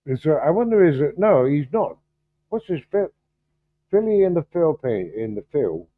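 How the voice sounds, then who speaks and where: A man hosting a livestream in casual chat, halting and distracted, restarting his sentences as he fiddles with the stream settings. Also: a little high, big pitch swings, no room sound. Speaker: livestream host. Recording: thin phone-like video-call audio.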